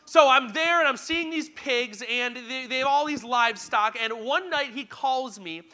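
A young man preaching to young listeners, telling stories in an animated, self-deprecating way and speaking straight to them. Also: very high voice, moderate pace. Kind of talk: storytelling sermon.

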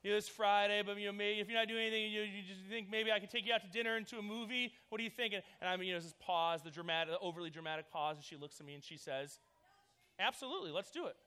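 Clear and resonant, this man's high-pitched voice races on with hardly any pauses. He is a youth pastor preaching casually to young people, telling stories in an energetic, chatty style heavy on fillers.

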